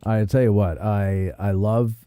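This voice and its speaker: A man hosting a podcast, chatting casually and telling an animated story, acting out the people in it. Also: fairly low pitch, unhurried, clear, resonant tone, dry recording, clean studio sound. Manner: animated storyteller, acts out quoted voices. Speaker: podcast host. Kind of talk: casual chat.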